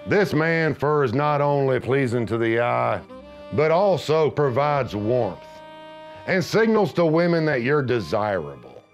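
Slow deadpan macho man, lively pitch. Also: soft background music. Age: middle-aged. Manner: gruff macho pronouncements, deadpan. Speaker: comedy narrator. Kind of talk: scripted deadpan comedy narration.

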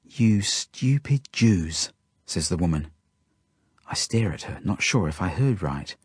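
Husky man reading his story aloud, dry close sound, lots of pitch movement. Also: animated, normal speed, dry recording. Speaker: author reading his book. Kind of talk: audiobook narration.

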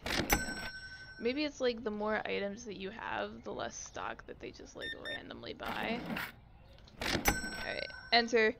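A woman's voice: fairly high pitch, vocal fry, very noisy. A young woman giving casual gameplay commentary, sarcastic and exasperated, griping at customers and dropping into mutters. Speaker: gaming YouTuber.

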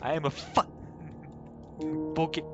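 A man's voice: fairly high pitch, flat delivery, slow, dull audio. A man playing a text adventure game, reading the story aloud and laughing and swearing at it in casual commentary. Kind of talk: casual let's play commentary. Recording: clear background music.

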